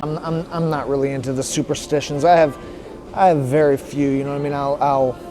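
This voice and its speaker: A man's voice: fairly high pitch, level tone, a little fast, music in the background, low-quality recording. A professional boxer, a man, speaking plainly in a documentary interview, restarting words and leaning on fillers.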